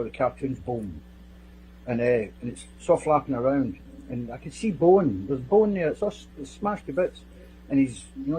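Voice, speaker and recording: A man's voice: medium pitch, warm tone, rough recording. A middle-aged man testifies as a witness from the security team. He speaks in a blunt, plain-spoken and vivid way, with a mid-range voice and a faint hum behind him. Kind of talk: recounting events in sworn testimony.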